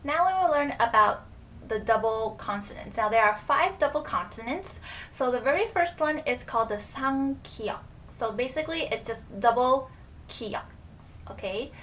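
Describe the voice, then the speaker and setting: High-voiced woman teaching a casual lesson. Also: fairly bright tone, a little hiss or hum. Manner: explains slowly and repeats each example word. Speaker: language teacher.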